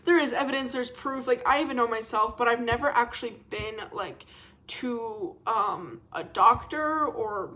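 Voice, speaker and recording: Chatty young woman, rambling and expressive. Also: a little high, normal speed. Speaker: vlogger. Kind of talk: casual chat to camera.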